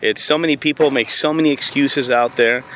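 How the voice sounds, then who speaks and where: A man in network marketing giving a motivational talk to camera, telling stories in an energetic way. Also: mid-range voice, a little fast, background noise. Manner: energetic storytelling, slips into quoting himself.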